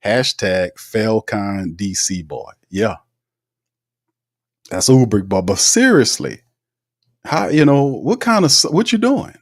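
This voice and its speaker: A man hosting a casual live sports talk show, reading out viewer comments in an animated, slangy way and laughing often. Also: lowish voice, slow, pauses often.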